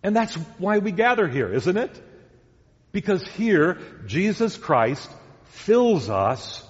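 A man preaching a sermon as pastor, deliberate and emphatic, repeating key words. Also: high-pitched, sing-song. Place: church sanctuary. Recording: dull sound with long church reverb.

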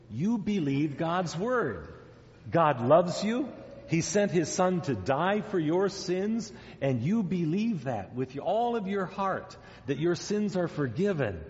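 A man giving a children's sermon as pastor, gently asking the children questions and coaxing answers. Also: a little high. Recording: dull sound in a long-echo church hall.

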